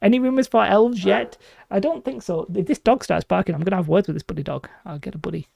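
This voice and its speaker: A chatty man from northwest England with a Lancashire accent, talking casually to his viewers and reading out chat comments. His voice has a gravelly edge. He speaks into a desk mic in a small room at home, and the sound is dry and close. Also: sits high, quick pace, darkish tone, no echo. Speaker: streamer. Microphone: desk microphone.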